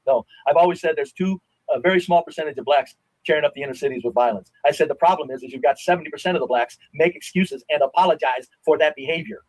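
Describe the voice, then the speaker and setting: Fast, high-voiced blunt man in debate. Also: no echo, low-quality recording. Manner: blunt, insistent, swears, drops to a low grumble. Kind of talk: heated live stream debate.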